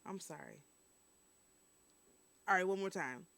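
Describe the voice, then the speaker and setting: A woman's voice: lowish voice, animated, slow pace, vocal fry, fairly bright tone. A woman hosting a casual news and review stream, chatting straight to her viewers.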